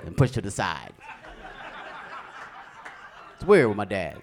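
Animated male stand-up comedian. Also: fairly low pitch, takes it slowly, a little hiss or hum. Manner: animated storytelling, acting out characters. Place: comedy club stage.

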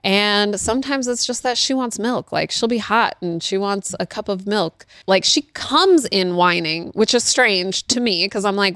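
A woman's voice: mid-range voice, lively intonation, moderate pace, a bit bright, no echo, studio quality. A woman in her thirties giving parenting advice in a casual, earnest way, repeating her key points.

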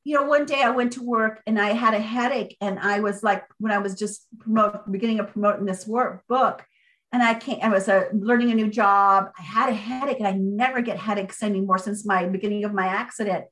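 A woman author being interviewed, speaking in an energetic, motivational way and driving her points home with repetition. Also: mid-range voice, brisk, rough recording. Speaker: author guest. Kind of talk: conversational interview.

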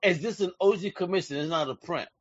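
A man hosting a casual interview, talking in a slangy, excitable, hype-driven way. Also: high-pitched, quick pace, slightly rough, dry recording, muffled recording. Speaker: interview host.

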